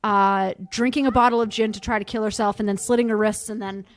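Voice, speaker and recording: A woman co-hosting a let's play, telling a rambling, gossipy story with blunt dark humor in casual chat. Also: medium pitch, steady tone, fast. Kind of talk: casual chat over gameplay.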